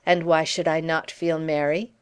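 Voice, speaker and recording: A woman's voice: low voice, level tone, moderate pace, smooth, natural voice. A woman reading as a theatrical young Frenchman, grand and mocking in manner, in an audiobook.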